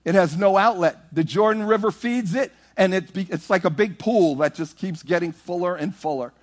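A man preaching a sermon, animated and rhythmic, moving from loud, half-sung exclamations to hushed storytelling. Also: high voice, normal speed.

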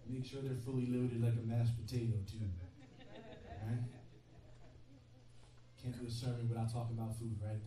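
A preacher giving a sermon in a conversational style, joking with the congregation in asides. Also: medium pitch. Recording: very echoey hall, mic far off, faint ambience.

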